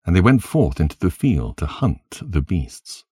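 A man narrating scripture in a solemn, measured reading with archaic wording. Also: low-pitched, sing-song, dark tone, slightly rough, no room sound, clean studio sound.

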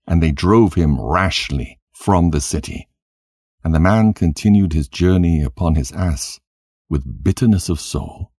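A man narrating an old tale in a measured, solemn storytelling manner. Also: extremely low pitch, darkish tone, husky, no echo, clean studio sound.

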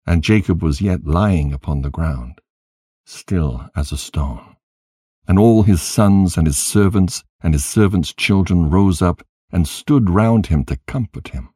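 A man reads scripture aloud in a solemn, measured way. His voice is deep and mellow with a husky edge, the pace unhurried, and the recording is dry and close. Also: no echo. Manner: solemn, measured reading in archaic wording. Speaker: narrator.

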